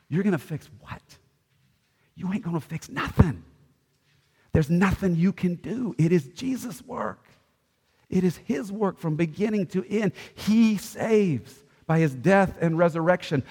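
A man preaching a sermon, swinging between loud, ringing declarations and hushed, soft passages. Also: high-pitched, animated, measured pace, slightly rough, big-room sound. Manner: impassioned preaching, swelling loud then dropping soft. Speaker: pastor.

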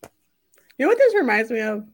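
A woman's voice: on the high side, big pitch swings, brisk, vocal fry. A woman co-hosting a casual chat, teasing and giggling as she talks.

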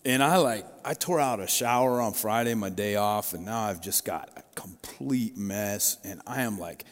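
A man's voice: lowish voice, normal speed, hardly any pauses. Middle-aged pastor guy preaching, chatty storytelling, big hall echo. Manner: conversational storytelling with personal asides. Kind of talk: sermon. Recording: long reverb of a large hall.

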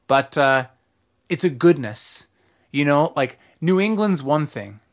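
A man's voice: on the high side, lively intonation, takes it slowly. Chatty male podcast host in a studio. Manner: chatty, rambling with fillers. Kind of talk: casual chat. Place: recording studio.

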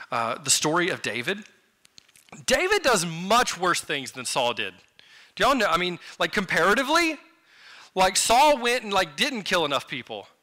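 A man's voice: high-pitched, bright, forceful tone. A man preaching a sermon in a conversational way, turning to the listeners with casual asides.

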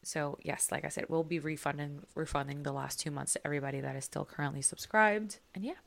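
A woman's voice: deep voice, quick pace, gravelly, a bit bright. A young woman co-hosting a podcast, talking casually and rambling a little. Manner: apologetic, rambling. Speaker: podcast co-host.

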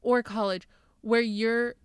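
A woman's voice: fairly high pitch, flat delivery, slow, smooth, no echo, studio quality. A woman in her twenties co-hosting a casual podcast chat, chatty and swearing casually. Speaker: podcast co-host.

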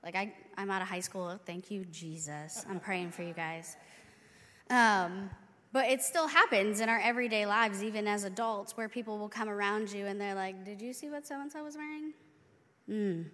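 A woman's voice: medium pitch, steady tone, moderate pace, fairly bright tone. A woman with a mid-range voice gives an encouraging talk to a church youth group. She sounds upbeat and affirming and speaks straight to the crowd. A long hall reverb trails her words. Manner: upbeat, affirming, addresses the audience directly.

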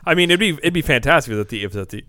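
A man's voice: a little high, expressive, fast, bright, forceful tone, no echo. A man co-hosting a podcast in casual chat, rambling and joking, often correcting himself mid-sentence. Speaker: podcast co-host.

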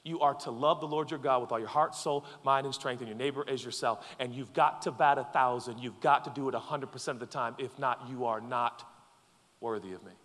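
A man preaching a sermon as pastor, swinging between loud pleading and quiet, intense passages. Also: medium pitch, fairly even intonation, brisk. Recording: long hall reverb.

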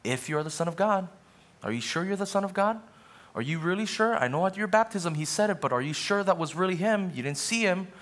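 A jeering male devil, as a preacher puts him on, voice raised well above the speaker's own. He pokes at his listener with doubting, mocking questions and sneers at every weakness. His pace swings from drawn-out taunts to quick jabs. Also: sits high, expressive, fairly bright tone, voice pushed up.

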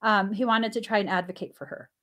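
A woman, a stay-at-home mom, telling anecdotes in casual talk, animated and laughing often, acting out the dialogue she quotes. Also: fast. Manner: acts out dialogue with sudden pitch jumps.

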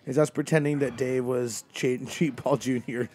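A man co-hosting a podcast, trading jokes and quick asides in casual comedic banter. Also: mid-range voice, steady tone, dark tone. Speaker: podcast co-host.

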